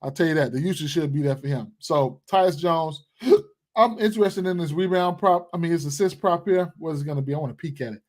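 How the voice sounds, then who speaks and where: A man with a fairly high voice chats live with his viewers about sports picks. he talks in a loose, rambling way, full of slang and asides to his audience. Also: fairly quick, a little mellow. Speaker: sports betting live stream host. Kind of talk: casual live stream chat.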